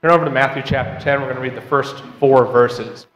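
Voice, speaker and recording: A man's voice: medium pitch, steady tone, fairly quick, a bit bright, a little hiss or hum. Man teaching a Bible class in a hall. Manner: conversational, asks the class questions, reads scripture aloud. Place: church auditorium. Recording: roomy hall with long reverb.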